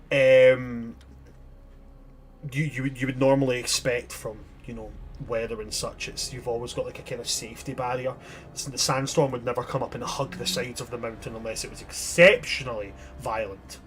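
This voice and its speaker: A man narrating a tabletop game as game master, descriptive and chatty with frequent restarts. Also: medium pitch.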